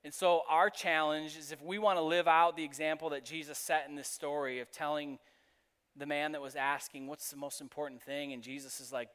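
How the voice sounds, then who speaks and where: A man's voice: fairly high pitch, fairly bright tone, smooth. Conversational man preaching in a reverberant hall. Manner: conversational, personal storytelling. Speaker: pastor. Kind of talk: sermon.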